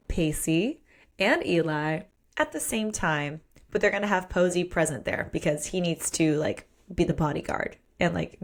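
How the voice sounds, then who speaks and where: A woman co-hosting a podcast, casually and playfully recapping a romance novel in a chatty book discussion. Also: lowish voice. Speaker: podcast co-host.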